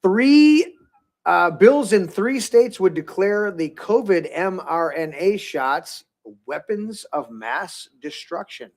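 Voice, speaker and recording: A man's voice: sits high, animated, slow pace. A man hosting a political talk podcast, rambling in a loose, swearing, casual way. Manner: rambling, swears freely, restarts often. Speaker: podcast host.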